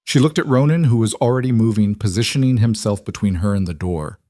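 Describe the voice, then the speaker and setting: A man narrating a fantasy romance audiobook in steady, measured scripted narration. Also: fairly low pitch, no room sound, studio quality.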